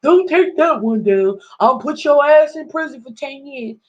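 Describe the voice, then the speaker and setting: A woman's voice: sits high, animated, moderate pace, a little mellow, voice pushed up. A woman putting on the voice of a blustering, bossy older male politician who threatens people, recorded on a dull lo-fi recording.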